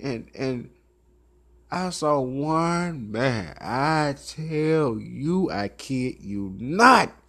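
A man with a Memphis Southern accent talks slowly through a rambling, profane monologue, as a talk show host would. His pitch swings widely, rising high for the bits he acts out. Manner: rambling, animated storytelling with profanity and laughs. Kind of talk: casual monologue.

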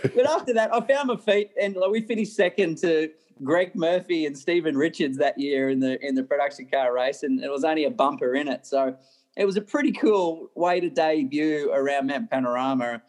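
An Australian man, a racing driver, telling animated stories in an interview, often laughing and restarting his sentences. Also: fairly high pitch, moderate pace. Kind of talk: interview storytelling.

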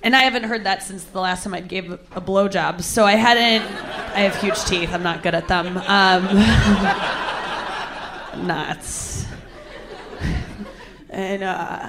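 A woman's voice: medium pitch, unhurried, fairly bright tone, slight background noise. A young woman telling a crude personal story with candid, self-mocking humor, laughing often.

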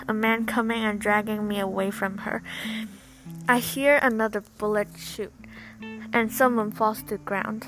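A woman's voice: medium pitch, a bit bright, poor audio. A woman reading a first-person story aloud in an emphatic, dramatic storytelling manner.

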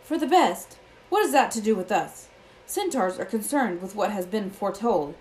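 A woman's voice: mid-range voice, expressive, normal speed, a little mellow, a little hiss or hum, natural voice, poor audio. A woman reading aloud voices a proud, angry male centaur who scolds in a raised voice. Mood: scolding. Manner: scolding, indignant.

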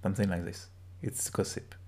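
A man's voice: brisk, darkish tone. A man with a French accent co-hosting a casual podcast, teasing and joking, slipping French words into his talk. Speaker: podcast co-host. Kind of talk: casual chat.

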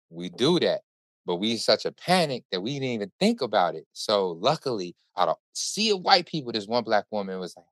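A man hosting a podcast, telling a story in casual chat with animated, profane, run-on delivery. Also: fairly low pitch, normal speed, dry recording. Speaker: podcast host.

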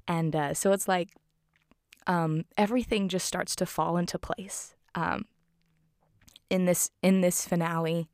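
A woman's voice: on the low side, fairly even intonation, a little slow, pauses often, a little mellow, smooth, dry recording, studio quality. A woman recapping a film in casual talk, heartfelt and rambling with many fillers. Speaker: film reviewer.

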